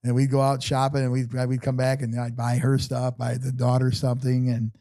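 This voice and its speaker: A man's voice: medium pitch, monotone, fairly quick, dark tone, dry recording. A man in his fifties, a guest telling his life story in an interview, rambling with many fillers and restarts.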